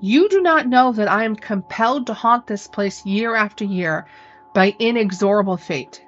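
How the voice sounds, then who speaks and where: A woman's voice: mid-range voice, dry recording, close to an everyday voice. A woman voicing an indignant female ghost who has haunted a house for two hundred years, speaking in a formal, haughty way. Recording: dry, dull lo-fi recording.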